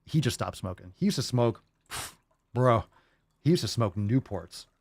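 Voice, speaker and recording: A man's voice: mid-range voice, expressive, measured pace, creaky, noisy background. A man hosting a casual livestream, answering viewer questions and telling rambling, profane stories.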